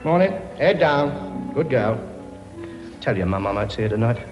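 A man's voice: mid-range voice, lively intonation, normal speed, highs cut off, over music, natural voice. An actor playing a cheeky, bossy king who lectures his many children in a comedy sketch. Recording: noisy recording.

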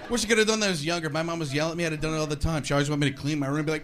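A male stand-up comedian with a fairly high voice, sarcastic and playful as he acts out voices. The recording is live, with a clear hiss behind. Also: fairly even intonation, very fast, hardly any pauses.

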